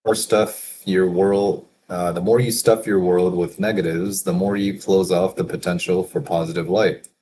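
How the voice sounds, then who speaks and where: Low, mellow-voiced man thinking aloud. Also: flat delivery. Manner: thinks aloud, reads quotes slowly, chuckles at himself. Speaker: business consultant reading daily quotes. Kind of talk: casual solo work session.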